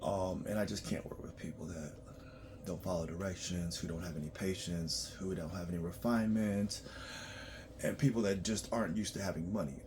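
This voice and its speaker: A man working as a tax preparer, ranting bluntly and profanely in a monologue, swinging between loud outbursts and low muttering. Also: fairly even intonation, a little fast, noisy background.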